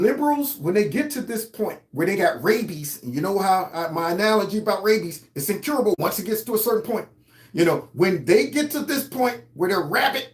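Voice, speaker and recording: A man hosting his own commentary show, talking in a heated, mocking, sarcastic way. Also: sits high. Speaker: host. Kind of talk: political commentary. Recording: roomy echo.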